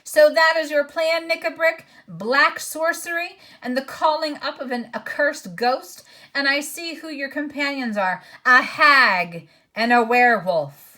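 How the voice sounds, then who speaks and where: Woman doing a young king, loud and indignant, storybook read-aloud. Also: sits high, unhurried, few pauses, voice pushed up. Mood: outraged. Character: young human king, outraged.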